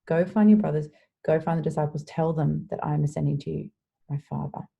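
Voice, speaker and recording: A calm, gentle man speaks in a hushed, half-whispered voice, as a woman storyteller puts him on. The voice stays low and gravelly. It sounds tender but firm. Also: fairly quick, highs cut off, heavily acted. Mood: tender, urging.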